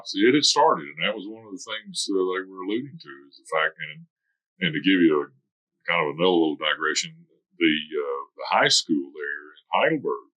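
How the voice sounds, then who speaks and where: Older man, retired military, very low and bright voice, rambling anecdotes. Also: poor audio. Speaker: interviewee, retired military veteran. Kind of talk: oral history interview.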